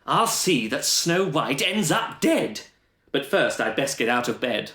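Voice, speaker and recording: A man voicing a wicked, scheming queen who gloats in a slow, drawn-out way. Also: mid-range voice, big pitch swings, bright, forceful tone. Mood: determined. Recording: roomy echo.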